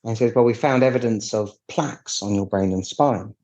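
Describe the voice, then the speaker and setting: A man's voice: fairly low pitch, fairly quick, darkish tone. A British man, a piano technician, telling his story in a candid, wry interview, acting out the dialogue he quotes.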